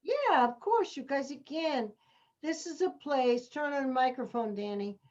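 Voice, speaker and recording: A woman's voice: high voice, lively intonation, measured pace, a little mellow. Acting teacher lady giving notes, encouraging, muffled call audio. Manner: encouraging, instructive. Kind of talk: casual class feedback.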